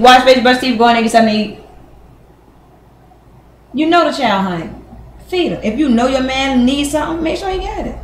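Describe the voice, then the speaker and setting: A woman's voice: high voice, a little hiss or hum. A woman giving her niece blunt relationship advice in casual talk. She swears freely and acts out both sides of conversations. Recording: echoey room with faint ambience.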